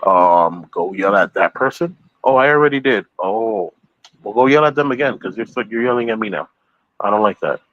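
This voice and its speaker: A man's voice: on the low side, lively intonation, moderate pace, dry recording, dull audio. Rambling man in casual podcast chat. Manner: rambling, repeats himself, laughs easily.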